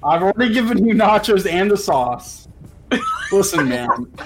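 A man's voice: sits high, very animated, a little slow, background noise. A man voicing a blunt, pushy male innkeeper who gets flustered while lecturing a guest.

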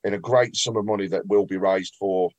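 A man's voice: sits low, fairly even intonation, a little fast, lo-fi sound, over a noisy crowd. Man co-hosting a casual fan podcast. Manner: reads out listener questions. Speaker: podcast co-host. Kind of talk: casual football fan chat.

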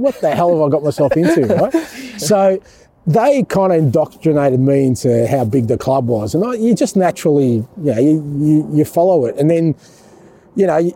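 Australian man, very dark, husky voice. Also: fairly high pitch. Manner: chatty, animated, laughs often, says mate a lot. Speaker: football club manager. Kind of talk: casual chat.

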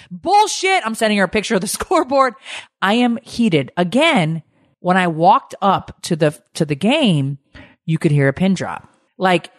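A woman's voice: mid-range voice, dry recording, clean studio sound. A middle-aged woman co-hosting a podcast, ranting in a heated, swearing casual chat. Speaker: podcast co-host.

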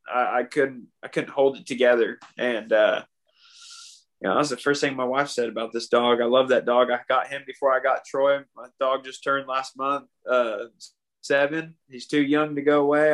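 A man's voice: mid-range voice, fairly even intonation, normal speed, a bit bright. Heartfelt man with a mid-range voice. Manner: heartfelt and confessional, with many restarts; often adds "man" and "you know". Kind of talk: casual podcast conversation.

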